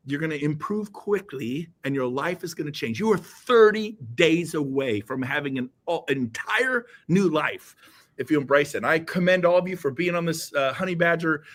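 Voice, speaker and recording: Man, guest coach; preachy, fiery delivery with shouted bursts; voice sits a bit high. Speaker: guest, real estate coach. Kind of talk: motivational talk.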